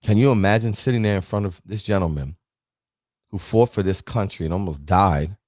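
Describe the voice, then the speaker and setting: A man hosting a motivational talk show, speaking straight to his audience with a preachy, animated delivery. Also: deep voice, a little fast, no echo, clean studio sound. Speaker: motivational show host and town councilman.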